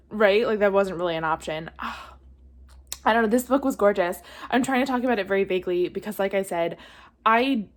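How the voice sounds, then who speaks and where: A woman talking at home in a casual book review vlog. She chats freely, gushes over what she loved and scatters "like" through every sentence. She sounds moved enough to tear up. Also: medium pitch. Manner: chatty and gushing, full of "like" fillers; emotional, near tears over a book. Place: at home, leaning on a blanket.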